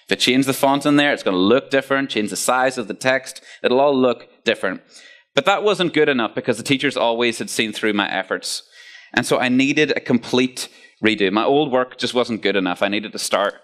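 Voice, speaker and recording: A man giving a casual, joking talk to a youth group, with asides to the audience. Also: mid-range voice. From Ireland. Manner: playful, jokey, lively storytelling with asides to the audience.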